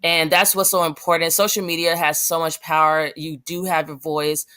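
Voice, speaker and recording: A woman's voice: deep voice, level tone, moderate pace, pushed and bright. A young adult woman giving passionate, rambling commentary on her vlog, with many fillers and restarts. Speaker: vlogger.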